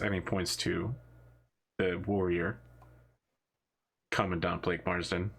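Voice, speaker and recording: A man's voice: low-pitched, flat delivery, slow, gravelly, long pauses, a bit bright, breathy edge. A man narrating a tabletop game as game master, casual and laughing as he talks. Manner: casual, laughing, voices the characters.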